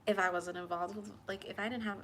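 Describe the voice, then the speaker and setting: A young woman who hosts a tarot channel speaks directly to the camera, sharing a personal story in a loose, chatty, animated way. She talks fast and acts out both sides of conversations. Her middle-pitched voice sits over a faint background hiss.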